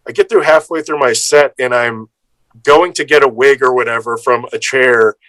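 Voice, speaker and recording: A man, an improv performer, telling a casual anecdote with lively energy, acting out other people's lines and swearing freely. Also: mid-range voice, normal speed, no echo, poor audio.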